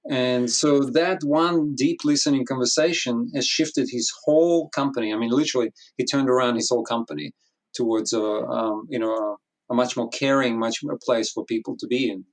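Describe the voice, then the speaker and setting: A man's voice: medium pitch, normal speed. A man speaking as an interview guest, telling a story with a lot of restarts and acting out the dialogue. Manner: animated storytelling, acts out quoted dialogue, frequent restarts. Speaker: guest, business consultant. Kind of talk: conversational interview.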